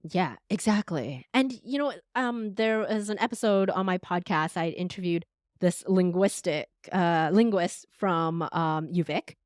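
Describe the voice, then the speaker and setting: A woman guest on a podcast interview, a voice coach talking in an expressive, animated conversational way. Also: lowish voice, measured pace, no echo, clean studio sound. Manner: expressive, animated, uses air quotes verbally.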